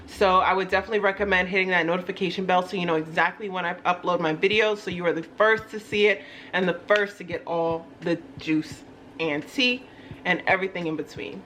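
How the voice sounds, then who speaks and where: A woman's voice: fairly low pitch, fairly even intonation, brisk, a bit bright, a little hiss or hum. A young woman hosting her own channel, talking in a chatty, rambling, self-deprecating way. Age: young adult. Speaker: YouTube host. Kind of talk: casual vlog chat.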